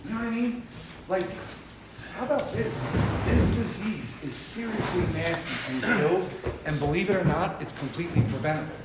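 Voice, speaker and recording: A man's voice: high-pitched, moderate pace. A man leading a recovery group talk, speaking emphatically and repeating points for stress. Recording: echoey room from far off with hiss.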